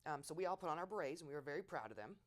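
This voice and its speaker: A middle-aged woman in an oral history interview, telling war stories in a lively way and acting out quotes loudly. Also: low voice, rapid-fire. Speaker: veteran interviewee.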